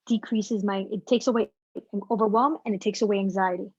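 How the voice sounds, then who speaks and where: Husky-voiced woman giving an energetic pep talk. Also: mid-range voice, a little fast, no room sound, muffled recording. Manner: energetic, casual, slangy. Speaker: guest speaker. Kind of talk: motivational team talk. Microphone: video call.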